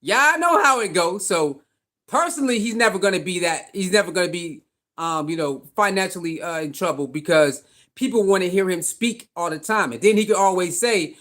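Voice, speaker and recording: A man's voice: high-pitched, lively intonation, normal speed, fairly bright tone. A man hosting casual commentary, talking back to a clip in a loose, conversational way. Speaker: commentary host.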